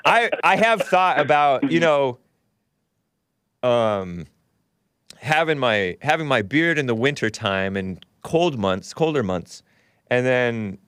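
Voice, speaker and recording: A man's voice: medium pitch, fairly bright tone, clear, resonant tone, dry recording, clean studio sound. A congested man hosting a call-in talk show, rambling casually and laughing often between remarks. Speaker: talk show host taking calls and reading chat.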